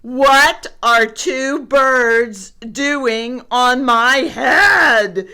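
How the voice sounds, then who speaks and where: A woman's voice: high voice, very slow, clear, resonant tone, voice pushed up, exaggerated voice. A woman voicing an anxious, careful male elephant in a storybook reading, raising her voice in alarm. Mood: upset. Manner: worried, shouting in alarm.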